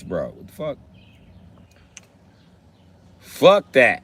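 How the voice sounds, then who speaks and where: A man's voice: sits low, expressive, moderate pace, slight background noise. A man ranting on a casual livestream, profane and confrontational, heckling his viewers.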